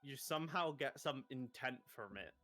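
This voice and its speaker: A man narrating as game master of a tabletop role-play, halting and laughing often. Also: medium pitch, expressive, pushed and bright. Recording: dry close mic with faint music.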